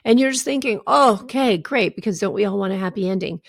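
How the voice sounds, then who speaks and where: A woman speaking at a middle pitch with a gravelly edge, talking straight into a close, dry mic. She hosts her own podcast as a coach and tells stories in an earnest, personal way, often turning to the listener with a quick "right?". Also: a little mellow, dry recording. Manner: earnest storyteller who often asks "right?". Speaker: podcast host and recovery coach.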